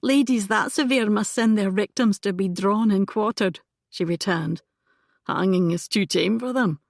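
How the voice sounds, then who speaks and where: A woman voicing a poised, witty young gentlewoman in a composed, genteel manner. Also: mid-range voice, a little slow, gravelly, dry recording, clean studio sound. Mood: playful.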